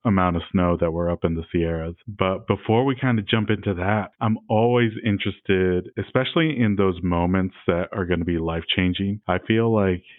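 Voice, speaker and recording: A man's voice: low-pitched, moderate pace, hardly any pauses, no echo. A male podcast host asking long, encouraging questions, with some repeats and restarts. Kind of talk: interview questions. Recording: tinny phone-like line.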